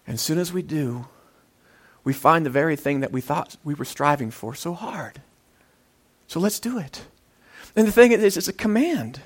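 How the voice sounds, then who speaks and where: Pastor, male, light high voice, earnest sermon delivery that swells and drops. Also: expressive, normal speed, breathy edge. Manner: earnest preaching, voice swelling and dropping for emphasis.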